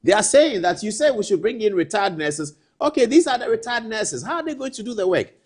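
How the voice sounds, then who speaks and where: Ghanaian male anchor, husky, animated pitch, indignant studio commentary. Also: brisk. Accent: Ghanaian English. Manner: indignant, rhetorical questions, swings between loud and hushed. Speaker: TV news anchor.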